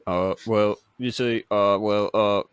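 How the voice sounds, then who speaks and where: A man's voice: lowish voice, steady tone, slow, smooth, dry recording, clean studio sound. A man putting on a hesitant, evasive middle-aged male politician with an Australian accent, stumbling through filler words and repeated starts. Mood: rambling.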